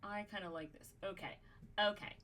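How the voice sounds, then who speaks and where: A woman's voice: mid-range voice, steady tone, normal speed, fairly bright tone. Casual swearing woman podcast host. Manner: swears freely, lots of fillers, thinks aloud. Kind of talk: casual brainstorming chat.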